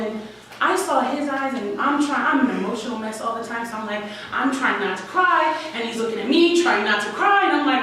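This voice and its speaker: A woman's voice: high voice, expressive, a little fast, a bit bright, a little hiss or hum. A young woman from New York telling a candid, wry and emotional personal story at a live story slam. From Washington Heights, New York. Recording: echoey room, distant mic, faint ambience.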